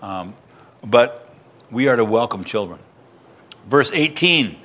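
A man's voice: medium pitch, animated, slow, fairly bright tone. An older man, a pastor, leading a sermon and Bible study in a conversational way, with joking asides and digressions.

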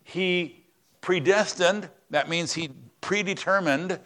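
A man's voice: sits high, slow pace. Emphatic male pastor preaching. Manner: emphatic, swings between loud stresses and quiet asides. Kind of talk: conversational sermon. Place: church.

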